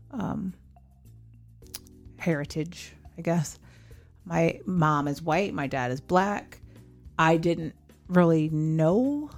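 A woman's voice: low-pitched, darkish tone. A woman in her forties hosting a podcast, candidly telling a personal story and acting out remembered dialogue. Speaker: podcast host.

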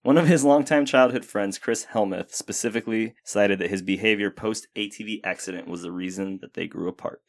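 A man's voice: fairly low pitch, a little fast, hardly any pauses. Wry man reading a case aloud. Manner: laughs often, wry asides. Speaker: podcast host reading the case. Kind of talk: casual chat and reading from a script.

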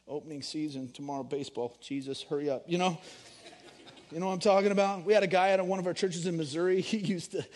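A middle-aged man preaching a sermon, animated, swinging between loud emphasis and hushed storytelling. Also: fairly high pitch, brisk. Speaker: pastor.

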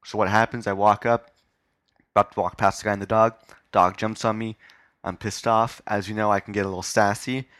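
Man, podcast host, fairly low voice, rambling, self-mocking, live stage, dry sound. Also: flat delivery, a little fast, a bit bright, no echo. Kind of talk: casual live interview. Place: live stage before an audience.

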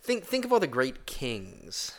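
A man's voice: mid-range voice, huge pitch swings, unhurried. A man in casual chat, defending provocative takes with mock conviction. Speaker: podcast co-host.

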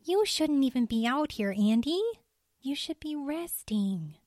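A woman's voice: high-pitched, expressive, measured pace, a little mellow, no echo, studio quality, pitched above the performer's own voice. Woman voicing a wry, practical female ranger. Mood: scolding. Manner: wry, matter-of-fact. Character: practical female forest ranger, teasing but caring.

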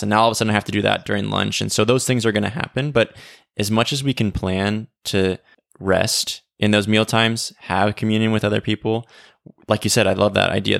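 A man's voice: fairly low pitch, gravelly, fairly bright tone, dry recording, clean studio sound. A man co-hosting a podcast in a casual conversational way, often asking "right?" and trailing into "like". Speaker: podcast co-host. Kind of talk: casual faith discussion.

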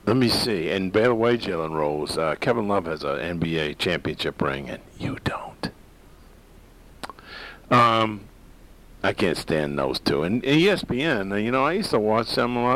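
A man's voice: low-pitched, a bit bright, low-quality recording. A man hosting a talk radio show, rambling through opinionated casual monologue with many fillers and restarts.

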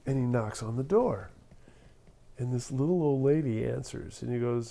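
Gravelly man telling a joke. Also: mid-range voice, moderate pace, dark tone. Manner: rambling storyteller, voices characters.

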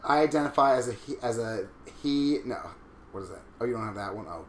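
In a brisk, mid-range voice, a Long Island, New York man in his thirties with the local accent jokes crudely and campily in casual chat while hosting and signing up for a website. The room echoes and there's slight background noise.

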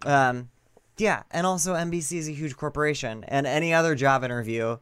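A man's voice: a little high, a little fast, a bit bright, clean tone, dry recording. A man co-hosting a casual podcast chat, mostly chiming in with short agreeing remarks. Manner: brief, encouraging interjections.

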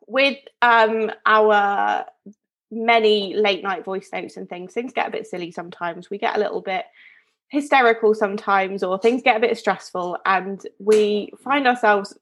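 A woman's voice: medium pitch, a little slow, fairly bright tone. Chatty woman telling a story. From Devon, England. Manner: chatty storyteller with many fillers and restarts. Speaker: podcast co-host. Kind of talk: casual chat.

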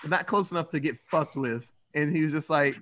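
A man's voice: on the high side, fairly quick, fairly bright tone, a little hiss or hum. A man on a casual movie podcast, talking loosely and profanely, often acting out characters' lines. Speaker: podcast panelist.

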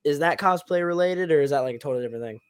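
A man's voice: fairly high pitch, rapid-fire, clean tone. Rambling upbeat young man. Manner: rambling, upbeat, many fillers. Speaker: podcast host and cosplayer. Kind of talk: casual chat.

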